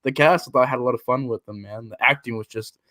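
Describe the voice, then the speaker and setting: A man co-hosting a casual movie chat, animated, acting out scenes and laughing at bad dialogue. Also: fast talker, dry recording, studio quality. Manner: animated, acts out scenes in jumpy higher voices.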